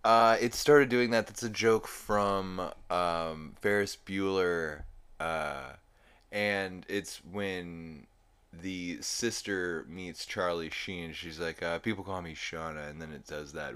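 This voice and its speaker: Male podcast host, young adult, very low voice, rambling, amused, lots of fillers. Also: steady tone, slow pace, fairly bright tone, clean tone. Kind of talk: casual episode recap.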